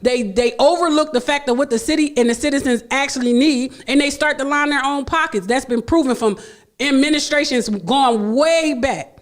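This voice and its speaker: Woman, radio co-host, blunt and pressing, high voice. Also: moderate pace. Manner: blunt, challenging, insistent. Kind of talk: heated casual debate.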